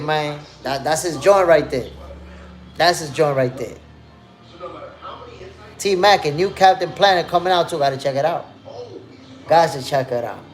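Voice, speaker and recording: A man in his fifties hosting a live stream, chatting casually in slang and reminiscing as he reads out the chat. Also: on the high side. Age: 50s. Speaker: boxing podcast host.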